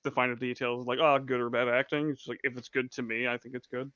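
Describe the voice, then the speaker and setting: A man's voice: mid-range voice, flat delivery, fast, bright, forceful tone, dry recording. A man co-hosting a casual movie chat, swearing freely and laughing often. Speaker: podcast co-host. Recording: dull, lo-fi and dry.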